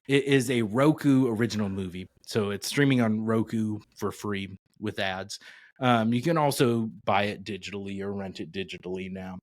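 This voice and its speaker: A man co-hosting a podcast in casual chat, relaxed and rambling, with frequent "uh" and "um". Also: lowish voice, moderate pace, dry recording. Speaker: podcast co-host.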